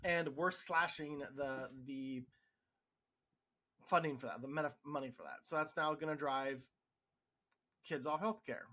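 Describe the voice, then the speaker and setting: A man who works in healthcare speaks his mind in a frustrated, sarcastic monologue. His voice sits a little on the high side, and he restarts his sentences often. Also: unhurried, long pauses, sharp tone. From United States. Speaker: healthcare worker podcast host. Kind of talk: opinion monologue.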